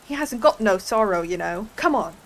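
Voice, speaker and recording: A woman voicing a brusque, common-talking griffin in an ASMR storybook reading, loud and dismissive. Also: medium pitch, expressive, normal speed, lightly acted.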